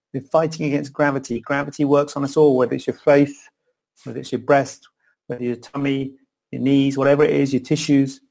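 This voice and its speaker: A man's voice: medium pitch, creaky, a little mellow. A middle-aged man, a plastic surgeon, answering questions in a rambling, chatty live session from his computer. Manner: chatty, rambling, self-interrupting. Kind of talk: live Q and A chat.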